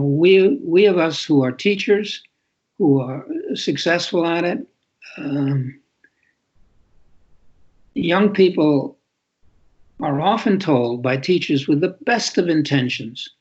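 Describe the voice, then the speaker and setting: An older man, a guest author, telling reflective stories in a podcast interview and often restarting his sentences. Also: fairly high pitch. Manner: reflective storytelling with frequent restarts. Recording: dull lo-fi sound.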